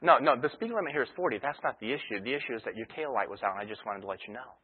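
A man's voice: mid-range voice, expressive, very fast, natural voice. A man voicing a polite male police officer at a traffic stop, sounding casual and reassuring, over a tinny phone-like line.

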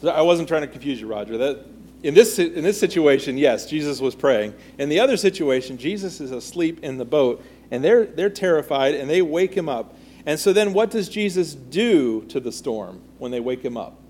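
A man's voice: a little high, animated, moderate pace, darkish tone. A man teaching a Bible study in a conversational way, reading scripture aloud and then asking the group questions.

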